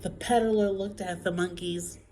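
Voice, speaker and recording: A woman reading a children's picture book aloud in an expressive, playful way, sometimes dropping to a whisper. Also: medium pitch, unhurried, a little hiss or hum, low-quality recording. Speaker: storyteller.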